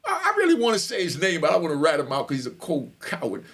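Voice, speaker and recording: A middle-aged man telling a story in casual, animated speech, often asking listeners if they follow. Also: a little high, fast talker. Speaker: storyteller and channel host.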